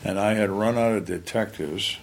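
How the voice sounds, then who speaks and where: A man's voice: fairly low pitch, moderate pace, gravelly. An older man, a retired homicide lieutenant, telling blunt, wry stories from his career in an interview. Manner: blunt, plain-spoken, wry. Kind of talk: candid storytelling interview.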